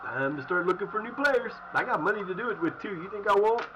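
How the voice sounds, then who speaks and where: A somewhat high-voiced man with a drawl streams live as he plays a football management game. He berates his underperforming virtual players with profanity-laced rants. A steady layer of noise sits under his voice. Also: fast talker. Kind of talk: live-stream gameplay commentary.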